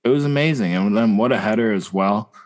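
A young man co-hosting a casual sports podcast, animated and slangy, often talking over his partner. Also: on the low side, fairly quick. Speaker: podcast co-host.

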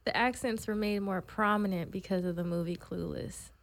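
A woman's voice: medium pitch, steady tone, normal speed, gravelly. A woman from California, a radio producer, chatting casually and easily. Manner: easygoing, laughs often. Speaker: producer and co-host.

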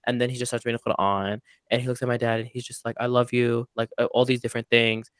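Fast-talking animated young man. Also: mid-range voice, no room sound. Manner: animated storyteller who acts out voices. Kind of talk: casual chat among cousins.

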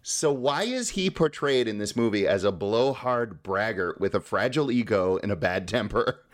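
A man's voice: on the low side, lively intonation, normal speed. A man co-hosting a podcast in casual chat, giggly and careful with his opinions. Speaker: podcast co-host.

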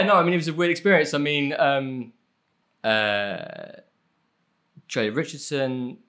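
A man's voice: medium pitch, lively intonation, measured pace, a bit bright. Rambling, self-deprecating man. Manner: rambling, self-deprecating, swears casually, many fillers. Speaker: guest, film editor. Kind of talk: casual podcast chat.

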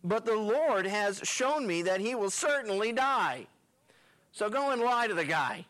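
A man's voice: high-pitched, big pitch swings, unhurried, a bit bright. A male pastor teaching through a Bible passage in a folksy, colloquial storytelling style with slangy asides. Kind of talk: sermon retelling a Bible passage.

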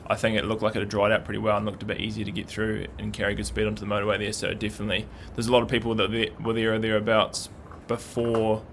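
Kiwi man, low gravelly voice, casual pundit chat with faint room hum behind. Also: completely flat delivery, fast talker, hardly any pauses, fairly bright tone. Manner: thoughtful, hesitant, many fillers. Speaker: downhill racing pundit.

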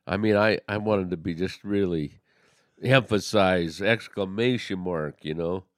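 A man's voice: low voice, no echo, clean studio sound. A man co-hosting a religious podcast, talking earnestly in a casual discussion and often restarting his sentences. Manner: earnest, halting with many restarts. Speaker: podcast co-host.

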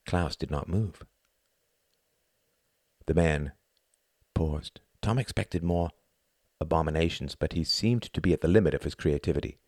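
A man narrating a novel in an even, measured storytelling manner. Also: extremely low pitch, no echo, studio quality. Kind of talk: audiobook narration.

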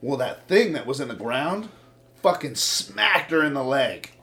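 This man speaks a little slowly in a mid-range voice, chatting casually. His stories come loaded with swearing and lively impressions of the people he quotes.

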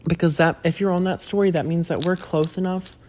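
A young man hosts his own podcast in a fairly high, steady, somewhat dark voice, talking fairly quickly over a little hiss or hum. He rambles casually on his own, stammering into restarts, making self-deprecating asides and cursing often.

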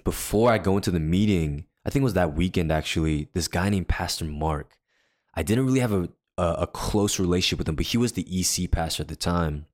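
A man's voice: deep voice, a little fast, a little mellow. A man co-hosting a faith podcast, earnestly telling a personal story in a casual way, often restarting his sentences. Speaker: podcast co-host.

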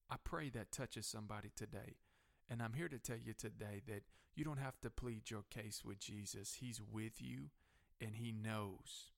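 A male pastor with a gravelly voice preaches a sermon, driving repeated refrains up to higher, louder peaks. For personal testimony, he drops into a softer, slower delivery.

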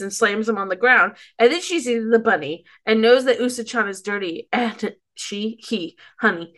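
A woman's voice: on the high side, animated, normal speed, few pauses, fairly bright tone. A woman casually recapping an episode, rambling and giggly, often losing her place. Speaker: podcast co-host.

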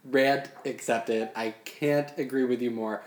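A man's voice: medium pitch, fairly even intonation, measured pace. Man, podcast co-host, easygoing and wry, recorded in a slightly roomy space. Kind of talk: casual podcast chat.

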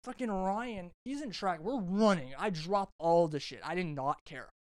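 On a casual podcast, a young male host rambles through a long, animated story, swearing a lot and frequently restarting his sentences. His slightly high voice is smooth and clear, recorded close and dry, and he talks at a moderate pace.

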